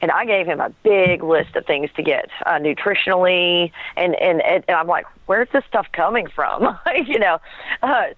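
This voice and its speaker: Woman guest, lively storyteller who acts out dialogue, heard over a thin phone line. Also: lowish voice, normal speed, no room sound. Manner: animated storytelling with laughs and acted quotes. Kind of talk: telling a personal story.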